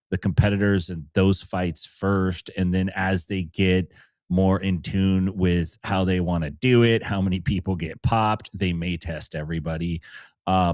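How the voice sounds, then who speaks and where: A man's voice: deep voice, dry recording. A man co-hosting a grappling podcast as a coach, chatting casually and wryly with laughs mixed in. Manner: wry, joking, laughs while talking. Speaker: podcast co-host and jiu-jitsu coach.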